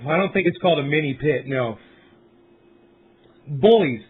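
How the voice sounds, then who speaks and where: A man's voice: a little high, lively intonation, moderate pace, slight background noise. A man hosting a casual livestream from home, rambling in a laid-back way and swearing freely. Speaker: livestream host. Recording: tinny phone-like audio.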